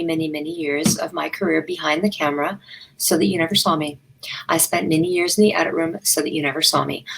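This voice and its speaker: A woman with a deep, gravelly voice comes through poor audio with a slight hiss or hum. She's a business coach appearing as a guest in a live online interview, speaking earnestly and emphatically. She repeats phrases for effect and shares candid, self-deprecating stories.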